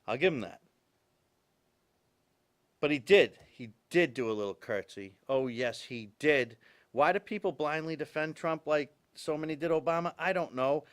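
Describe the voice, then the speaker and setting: A man's voice: a little high, normal speed. A man hosting a talk show, delivering an opinionated monologue straight to his viewers and repeating his points for emphasis.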